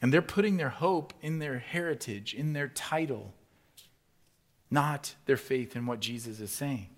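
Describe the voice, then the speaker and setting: A man preaching a sermon in a conversational way, asking rhetorical questions, swinging between loud, rising emphasis and soft, low delivery. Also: measured pace. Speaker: pastor.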